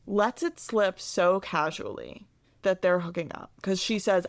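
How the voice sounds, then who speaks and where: A young woman co-hosting a podcast, recapping a show in casual, animated chat with lots of swearing and quick quoted lines. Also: mid-range voice, no echo. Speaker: podcast co-host.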